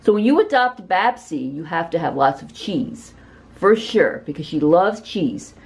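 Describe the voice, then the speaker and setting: Her voice sits lowish and slightly rough, with vocal fry, a measured pace and lively intonation. A pet rescue volunteer, she chats casually in a dimly lit room while presenting an adoptable cat, gushing over it and frequently cooing in a sing-song tone.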